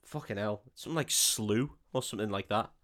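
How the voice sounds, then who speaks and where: A man's voice: fairly low pitch, fairly bright tone. A man co-hosting a casual podcast, sweary and laughing as he recaps a film and acts out its lines. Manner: sweary, laughing, acts out scenes in quick quoted voices. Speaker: podcast co-host.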